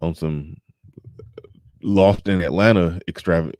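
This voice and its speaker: A man with a low voice hosts a live show, talking casually and wryly to his listeners. The sound is dry and close, with no room around it. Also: slow pace, darkish tone, no room sound. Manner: chatty, wry, reads donation pages aloud. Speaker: podcast host.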